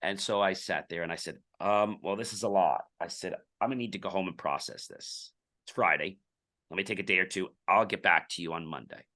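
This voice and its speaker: A man's voice: sits low, brisk, sharp tone. A middle-aged man, a podcast guest, telling a business story in casual interview talk and acting out the dialogue.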